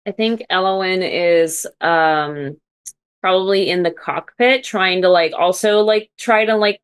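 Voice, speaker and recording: A woman's voice: lowish voice, measured pace, clean tone. A woman playing in a tabletop role-playing game, speaking hesitantly and filling her speech with "like". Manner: hesitant, many likes. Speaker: player. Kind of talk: casual chat.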